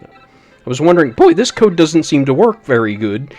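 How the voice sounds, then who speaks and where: Male gaming streamer, casual self-deprecating chatter, animated intonation, faint game music underneath. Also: fairly high pitch, moderate pace. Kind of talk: casual live-stream commentary.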